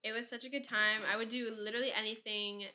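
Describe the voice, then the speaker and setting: A woman's voice: a little high, steady tone, fast talker, sharp tone. A woman in her twenties hosting a podcast, chatting casually and rambling with lots of "like" and frequent laughter. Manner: rambling, heavy use of "like", laughs often. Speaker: podcast host. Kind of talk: casual chat.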